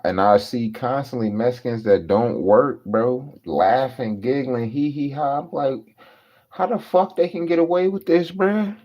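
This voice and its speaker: A man's voice: mid-range voice, a little slow. A man in a casual, profane rant full of slang, telling exasperated stories in a loose storytelling flow. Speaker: podcast host. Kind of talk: casual ranting monologue. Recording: dull lo-fi recording.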